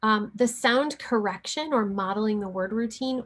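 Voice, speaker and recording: A woman's voice: medium pitch, normal speed, hardly any pauses, fairly bright tone. A woman giving a casual recorded lecture on teaching reading, with fillers and light laughs. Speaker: teacher educator.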